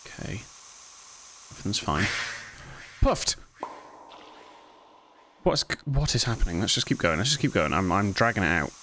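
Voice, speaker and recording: A man's voice: on the low side, very animated, fast, sharp tone, a little hiss or hum, poor audio. Guy yelping through horror games, voice all over the place. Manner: jumpy, self-mocking play-by-play with sudden yelps. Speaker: gaming video host. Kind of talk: horror game commentary.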